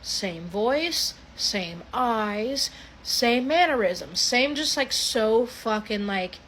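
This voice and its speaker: Animated swearing young woman storyteller. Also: fairly high pitch, extremely slow, a little hiss or hum. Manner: animated, swearing, restarting often. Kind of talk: casual storytime.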